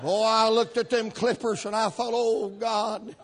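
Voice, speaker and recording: A man, a preacher telling a folksy story in a sermon, with sudden shouted peaks. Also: sits high, level tone, a little slow, background noise.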